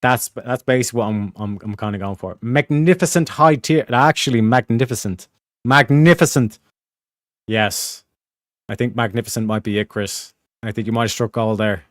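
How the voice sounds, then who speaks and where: A young man hosting a casual livestream, rambling through donation shout-outs with lots of slang and filler phrases. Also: on the low side, a little fast, no echo, clean studio sound. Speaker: livestream host reading donations.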